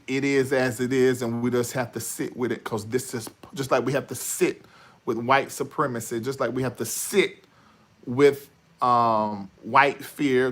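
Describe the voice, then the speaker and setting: A man hosting a live online talk show, thinking out loud in an animated monologue that swings from shouting to muttering. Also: medium pitch. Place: studio.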